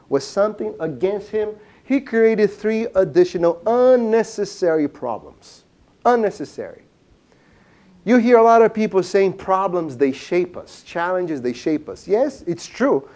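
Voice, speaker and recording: A man's voice: sits high, a little mellow. A man giving a seminar lecture, telling a story with lots of rhetorical questions. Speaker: seminar speaker.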